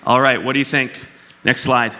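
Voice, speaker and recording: A man giving a sermon to a congregation, quizzing them playfully and asking them to answer out loud. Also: medium pitch, fairly even intonation, moderate pace. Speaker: pastor. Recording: long hall reverb.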